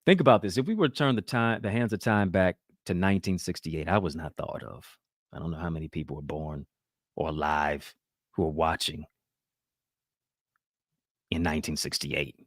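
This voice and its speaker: A man's voice: deep voice, moderate pace, long pauses, no echo, clean studio sound. A man hosting a talk show, giving emphatic, preacher-like motivational commentary.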